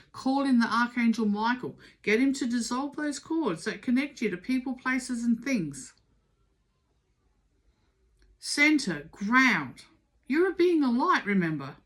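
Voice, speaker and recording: Middle-aged lady doing a tarot reading, pushy and earnest, keeps repeating stuff, voice a bit on the high side. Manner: emphatic, urging, repeats herself for stress. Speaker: tarot reader. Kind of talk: casual spoken tarot reading.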